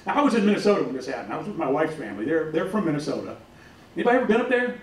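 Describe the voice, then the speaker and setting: A man's voice: fairly high pitch, very animated, rapid-fire, recorded from a distance, a crowd in the background. A man doing a stand-up comedy set, telling folksy stories and acting out voices. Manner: folksy storytelling, acts out voices. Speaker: stand-up comic. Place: comedy club stage. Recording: roomy club, off-mic, faint noise.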